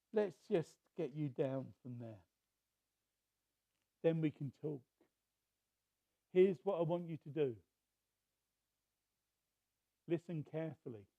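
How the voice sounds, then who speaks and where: A man voicing God in a story, speaking calmly and gently. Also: a little slow, pauses often, no echo. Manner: calm, low, gentle. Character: God, calm and patient.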